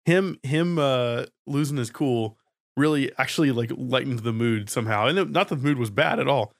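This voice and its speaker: A man's voice: medium pitch, moderate pace, gravelly, no echo, clean studio sound. A man co-hosting a casual chat, recounting a story in a laid-back way. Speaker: podcast co-host.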